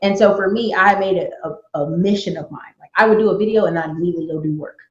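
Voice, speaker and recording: Woman guest, animated storyteller, casual chat; room echo, a bit muffled. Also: lowish voice, fast talker. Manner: animated storyteller, acts out quoted voices. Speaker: guest, YouTuber and entrepreneur.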